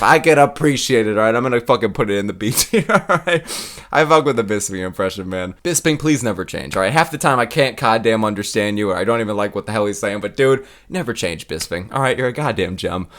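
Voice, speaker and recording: Young guy swearing a lot, laughing, casual chat. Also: mid-range voice. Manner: swears freely, laughs often. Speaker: YouTube host.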